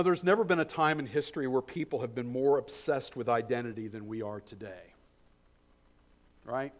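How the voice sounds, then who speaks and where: A man preaching a sermon as pastor, moving between loud emphasis and hushed tones and repeating key phrases. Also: fairly high pitch.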